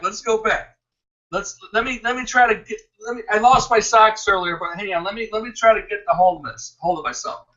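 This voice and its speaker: A man giving an excited, rambling promotional pitch, laughing often and restarting his sentences. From Ohio. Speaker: network marketing promoter. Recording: distant, dull lo-fi sound.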